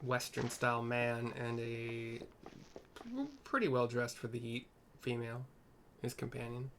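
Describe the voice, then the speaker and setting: A man's voice: mid-range voice, completely flat delivery, measured pace, fairly bright tone, a little hiss or hum. A man narrating a game story with audio descriptions, casual and often apologizing for himself. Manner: self-deprecating, apologetic. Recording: game music behind voice.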